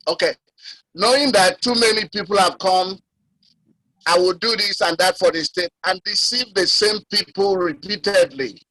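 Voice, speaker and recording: A man, a caller putting measured, formal questions to a political candidate. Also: high voice, pushed and bright, dry recording, poor audio.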